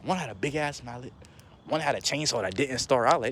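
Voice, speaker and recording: A young man telling a casual story in a slangy, animated way, jumping into higher voices for quotes. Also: quick pace, slight background noise.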